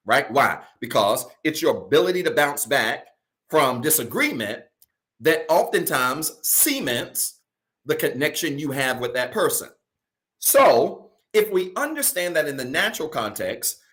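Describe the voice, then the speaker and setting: A male pastor preaching a sermon to a virtual congregation from home, colloquial, often calling his listeners y'all, slowing down to stress key phrases and rushing through asides. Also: a little high, sharp tone. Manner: preaching with slow emphatic stretches and quick asides.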